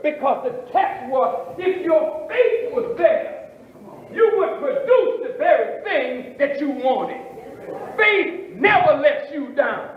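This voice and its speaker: Man minister preaching, high lively voice, slow deliberate rhetorical questions, roomy lo-fi archive sound. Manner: rhetorical, questioning the listeners, drawn-out emphatic phrasing. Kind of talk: sermon. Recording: roomy dull lo-fi archive recording.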